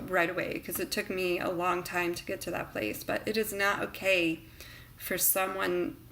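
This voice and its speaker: Bright-voiced woman, earnest vlog talk. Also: on the low side, gravelly, slight background noise. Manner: earnest, reflective, many fillers. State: emotional near the end. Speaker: vlogger.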